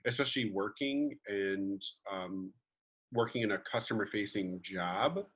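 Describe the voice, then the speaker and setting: Husky-voiced young man chatting. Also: fairly low pitch, lively intonation, measured pace, fairly bright tone. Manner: rambling, many fillers and restarts. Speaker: podcast co-host. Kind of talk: casual chat.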